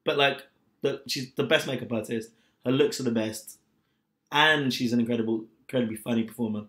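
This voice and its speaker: A man chatting away on a podcast at a quick clip. His voice sits at an ordinary middle pitch, and he slips into laughs easily as he talks. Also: fairly bright tone. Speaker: podcast co-host. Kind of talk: casual chat.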